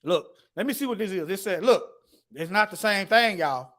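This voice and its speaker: Very high-voiced man preaching emphatically. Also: lively intonation, normal speed, a bit bright. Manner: emphatic, addresses listeners as y'all, reads scripture aloud. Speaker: bible teacher. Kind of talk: preaching to an online audience.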